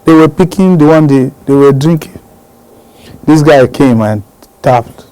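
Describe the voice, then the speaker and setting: A man's voice: fairly high pitch, unhurried, low-quality recording. A man preaching a sermon, leading the congregation in repeated commanding declarations and call-and-response. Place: church service. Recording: loud church crowd behind.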